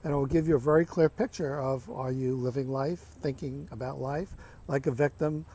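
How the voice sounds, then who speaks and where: A man hosting a self-help video series, talking in an unhurried, reflective way from the deck of a beach house. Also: medium pitch, steady tone, warm tone, a little hiss or hum. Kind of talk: reflective vlog monologue.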